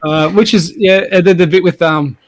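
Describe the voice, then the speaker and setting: A man's voice: high voice, steady tone, normal speed. An Australian man, a guest on a podcast, chatting casually in an easygoing, rambling way. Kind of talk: casual chat.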